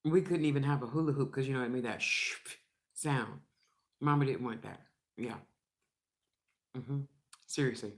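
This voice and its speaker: A woman's voice: rumbling low, normal speed, pauses often. An older woman chatting frankly into her vlog while she eats, laughing often. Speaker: vlogger. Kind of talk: casual chat while eating.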